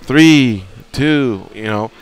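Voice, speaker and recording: A man who is a regular on a radio talk show, telling stories in a lively way and acting out the scenes. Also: medium pitch, very slow, clean tone, dry recording. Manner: animated storyteller acting out scenes. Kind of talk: casual radio chat.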